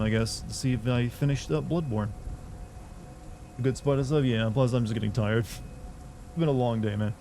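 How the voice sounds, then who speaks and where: A male streamer winding down a late session, sounding tired and drowsy as he thanks his chat. His voice is mellow and dark, with a faint hum of noise behind it. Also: mid-range voice, gravelly. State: tired, yawning. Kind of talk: casual chat.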